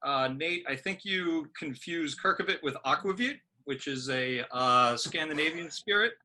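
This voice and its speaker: A man's voice: a little high, animated, normal speed, pushed and bright. A man acting as guest judge on a comedy podcast, good-humored and laughing easily. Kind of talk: casual podcast chat.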